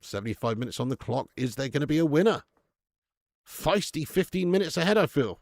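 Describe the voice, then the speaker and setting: A man hosting a football watch-along stream, swearing often and bantering with his chat in bursts of excitement. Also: fairly high pitch, a little fast, no echo, clean studio sound. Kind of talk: casual live-stream chat.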